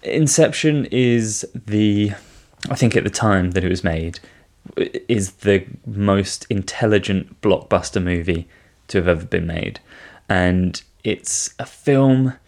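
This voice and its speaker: A man's voice: on the low side, slow, darkish tone. A man co-hosting a podcast in casual chat, talking in a hesitant, self-deprecating way. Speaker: podcast co-host.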